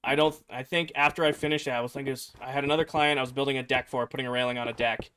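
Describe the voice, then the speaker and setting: A man's voice: medium pitch, racing, clear, resonant tone. A young man streaming, rambling through a personal story for his chat and acting out the voices of the people in it. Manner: rambling, animated, acts out quoted voices.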